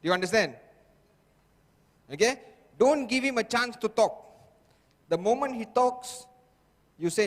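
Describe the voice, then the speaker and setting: Casting: emphatic sales trainer, man with a high voice, long hall echo. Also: lively intonation, a little slow, pauses often. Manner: emphatic, repetitive, constant "okay?" checks with audience. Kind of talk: motivational seminar talk. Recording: echoey hall.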